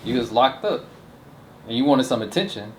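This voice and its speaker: A man co-hosts the chat in a calm, even way, mostly agreeing and adding brief comments. His voice rings in a roomy space, with faint noise underneath. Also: medium pitch, moderate pace. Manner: calm, agreeing, short affirmations. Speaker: co-host. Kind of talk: casual chat and scripture reading.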